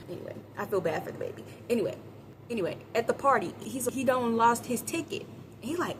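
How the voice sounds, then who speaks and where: Animated woman reviewing a movie. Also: a little high, noisy background. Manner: animated, acts out characters' lines in quick voices; chatty, addresses viewers as y'all. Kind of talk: casual movie review vlog.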